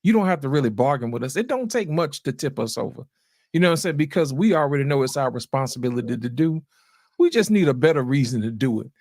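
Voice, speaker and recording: A man's voice: medium pitch, animated, fast talker, a little mellow, dry recording, clean studio sound. A man hosting a casual group discussion, laid-back, often checking in with "you know what I'm saying". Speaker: host.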